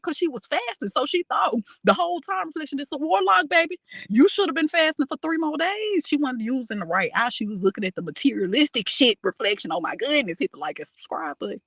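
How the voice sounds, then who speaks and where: A reaction host delivers sassy, profane commentary straight to the viewer. The pitch swings widely and expressively. The recording is dry and close, with no room sound. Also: a bit bright, dry recording.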